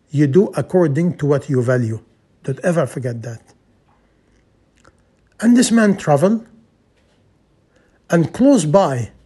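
A man tells a sermon story in a husky, somewhat high voice. He speaks earnestly in broken English and often repeats lines for emphasis. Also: a little mellow. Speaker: preacher.

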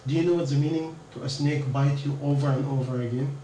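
A man telling a story in a sermon, earnest, with halting non-native English, often putting questions to his listeners. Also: medium pitch, fairly even intonation, warm tone, a little hiss or hum. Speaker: preacher. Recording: echoey room, mic at a distance.

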